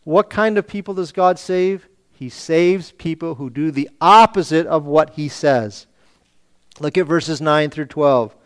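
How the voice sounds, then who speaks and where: A man's voice: fairly high pitch, measured pace, clear, resonant tone. A man preaching a sermon, asking rhetorical questions and reading scripture aloud. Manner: preaching with rhetorical questions, acting out voices of the people. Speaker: pastor.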